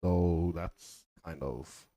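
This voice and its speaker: Low-voiced man muttering through a mic check. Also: steady tone, very slow, dark tone, dry recording. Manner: muttering to himself, joking, filler-heavy. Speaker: gaming video creator. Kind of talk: casual mic check and scripted game commentary.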